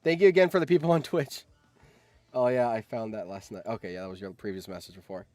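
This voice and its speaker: A man streaming live, reacting excitedly and yelling in surprise on a close mic. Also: lowish voice, quick pace, dry recording, soft background music. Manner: excitable, yells in surprise, laughs often.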